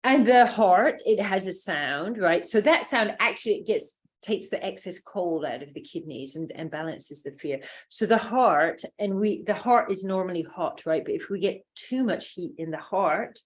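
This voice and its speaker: A woman's voice: medium pitch, animated, normal speed, hardly any pauses. A woman from England with a British accent, leading a group lesson and explaining in a loose, rambling way with many fillers. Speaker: workshop teacher.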